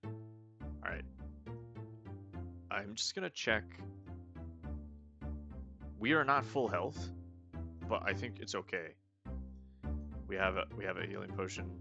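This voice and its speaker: A man's voice: low-pitched, measured pace, vocal fry, long pauses, lo-fi sound. A man hosting a let's play, thinking aloud in casual commentary and reading the game's text as he goes. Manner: rambling, thinking aloud with restarts. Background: game music.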